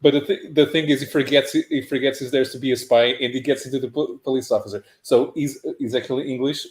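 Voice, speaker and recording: A man's voice: medium pitch, fairly even intonation, fast talker, a little mellow, echoey room. A man on a casual talk podcast, explaining things at length with frequent restarts. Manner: long explanations with many restarts. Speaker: podcast panelist. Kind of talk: casual chat.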